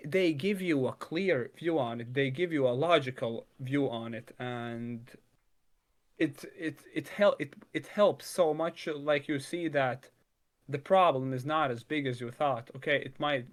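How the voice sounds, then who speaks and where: A man in an easygoing chat, thinking out loud as he goes. He circles back on himself, stacking fillers and false starts, and drops the odd curse without a second thought. His pitch sits right in the middle of the usual male range. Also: a little slow. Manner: rambling, many restarts and "like" fillers, swears casually. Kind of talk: casual conversation.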